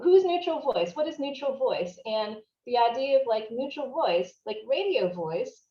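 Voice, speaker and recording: A woman's voice: mid-range voice, a little mellow. A woman, a writer and performer, speaking thoughtfully as an interview guest, searching for words with many casual fillers. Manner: thoughtful, searching, frequent "you know" and "like" fillers. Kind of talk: reflective conversational interview. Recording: roomy, dull lo-fi sound.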